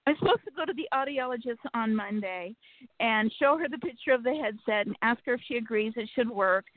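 A woman calling in to a talk show, telling her story in an earnest, frustrated way with many fillers and pauses. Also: on the high side, expressive, no echo. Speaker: caller. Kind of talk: phone-in storytelling. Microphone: telephone. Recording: phone line.

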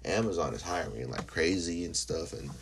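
A young man hosting a casual solo podcast who is high, rambling and swearing freely between fillers. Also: lively intonation, normal speed, slight background noise. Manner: rambling and profane, full of fillers. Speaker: podcast host.

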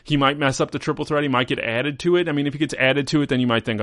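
Recapping wrestling in a casual podcast chat, the host wanders along in an amused way, often fixing what he just said. He talks briskly with fairly even intonation in a mid-range, slightly bright voice, recorded dry with clean studio sound.

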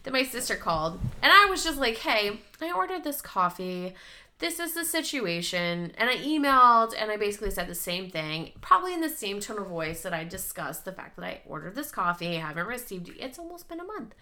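A woman in her thirties with a bright, clear voice at a middle pitch. She chats casually as a co-host, telling stories and acting out what people said, swearing freely along the way. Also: sing-song, fast talker, hardly any pauses. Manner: chatty storyteller, swears freely, acts out quotes. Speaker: podcast co-host. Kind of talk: casual chat.

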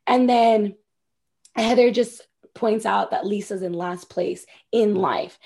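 A woman's voice: medium pitch, takes it slowly, breathy edge. Gossipy, profane woman recapping TV. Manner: gossipy, profane, animated quoting. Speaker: podcast co-host. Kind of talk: casual recap chat.

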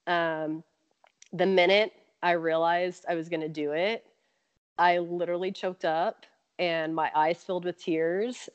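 A woman's voice: lowish voice, no room sound. A woman telling a personal story as an interview guest, laughing often and acting out what people said. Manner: animated, laughs often, acts out quotes. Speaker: marathon runner guest. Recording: dull lo-fi remote audio.

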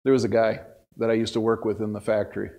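A middle-aged pastor delivers a casual sermon in a church sanctuary, telling stories in a folksy, self-deprecating way and frequently restarting sentences. His voice is lowish and mellow, with a level tone, and he talks fast.

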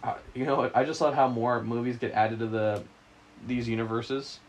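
A young man co-hosting a casual podcast, rambling and joking crudely, his voice a little rough from being sick. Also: medium pitch, fairly even intonation, moderate pace. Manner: joking, rambling, laughs often. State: sick, husky voice. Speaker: podcast co-host.

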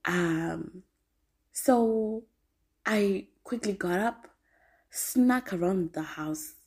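A woman in her twenties telling a story as a podcast host, animated and slangy, laughing often. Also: medium pitch, very slow, slightly rough. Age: 20s. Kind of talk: casual storytelling monologue.

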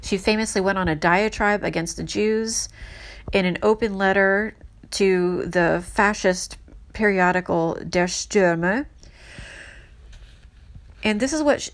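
Slow, earnest woman telling history. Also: medium pitch. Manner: earnest, emphatic, halting with restarts. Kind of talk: casual history narration from notes.

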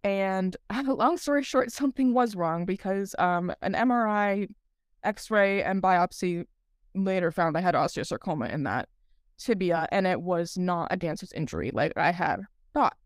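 A woman's voice: lowish voice, animated, moderate pace, no room sound, clean studio sound. A young woman co-hosting a podcast, telling her story in casual chat with lots of filler words and a laugh here and there. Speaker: podcast co-host.

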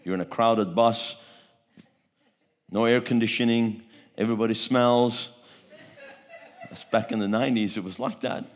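A middle-aged man from Turkey preaching a sermon, telling a story with animated energy and acting out the people in it. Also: lowish voice, unhurried, long pauses. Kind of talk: testimony sermon.

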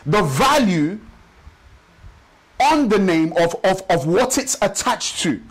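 High-voiced preacher. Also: male voice, big pitch swings, slightly rough, rough recording. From Nigeria. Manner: rhythmic preaching with repeated phrases, slows for emphasis. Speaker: pastor. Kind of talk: sermon. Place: church service.

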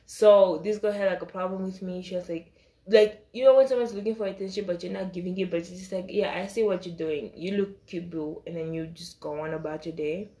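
A young woman casually telling a storytime vlog, acting out the people in it with exasperated quotes and trailing off into soft asides. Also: fairly quick, reverberant. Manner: animated, exasperated retelling with quoted dialogue; frequent fillers, trails off into soft low asides. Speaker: storytime vlogger.

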